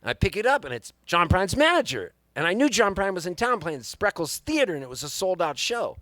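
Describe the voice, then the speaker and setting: A man, a singer-songwriter, telling an animated story between songs at a live music venue and acting out the people in it. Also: high-pitched, brisk, dry recording. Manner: animated, excitable storyteller who acts out the people he quotes.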